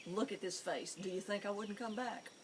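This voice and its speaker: A woman's voice: medium pitch, normal speed, slight background noise, natural voice. A woman voicing a cheeky, vain little male Shih Tzu spirit, full of sassy attitude.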